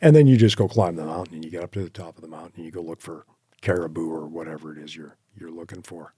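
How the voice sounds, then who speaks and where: A man as a podcast guest, telling animated hunting anecdotes with quoted asides and laughs. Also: sits low, fast, breathy edge, no room sound. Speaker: podcast guest, horseback hunter. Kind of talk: casual interview storytelling.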